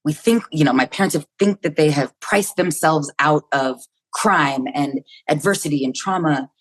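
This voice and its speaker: A woman's voice: low voice, normal speed. Woman telling a vivid, candid story. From United States. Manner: vivid, candid storytelling, acting out her inner thoughts, swears freely. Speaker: podcast guest. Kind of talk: personal storytelling in a podcast interview.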